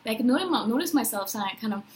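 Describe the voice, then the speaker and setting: Expressive woman in her thirties. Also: on the high side, fast talker, slight background noise, poor audio. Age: 30s. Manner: animated, emphatic, frequent "right?". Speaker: vlogger. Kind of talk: personal spiritual vlog.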